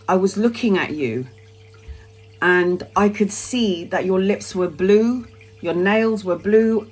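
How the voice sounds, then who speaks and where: A woman's voice: medium pitch, a little mellow, husky, poor audio. Emphatic swearing woman storyteller. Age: 40s. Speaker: tarot reader live streamer. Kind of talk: live stream monologue.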